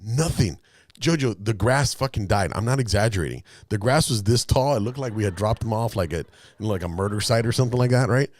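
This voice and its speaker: A man's voice: on the low side, brisk. A man co-hosting a podcast, telling a story in a casual, profane way and acting out other people's lines. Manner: animated, profane, acts out quotes. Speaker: podcast co-host.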